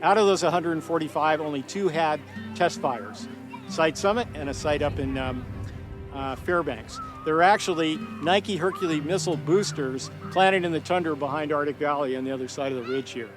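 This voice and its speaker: A man's voice: fairly high pitch, moderate pace, over music. A man who directs a nonprofit, explaining a historic site outdoors in a documentary interview with enthusiasm. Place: outdoors by a ridge.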